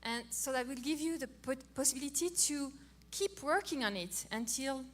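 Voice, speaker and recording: A woman's voice: high-pitched, expressive, normal speed, a bit bright. A woman speaking to couples about marriage, explaining step by step and restarting her phrases as she goes. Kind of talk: teaching talk to couples.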